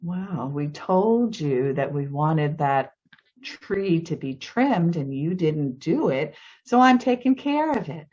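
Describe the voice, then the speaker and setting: A woman voicing a petulant, dismissive male neighbor who talks flatly and stubbornly. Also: mid-range voice, a little fast, slightly rough, dull audio, voice pushed up. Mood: calmly dismissive.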